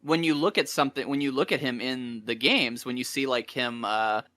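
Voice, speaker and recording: Bright, dry-sounding male guest. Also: medium pitch, fairly even intonation, normal speed, dry recording. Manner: thoughtful, hesitant, many fillers. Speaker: guest, co-writer of a retrospective. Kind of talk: casual chat.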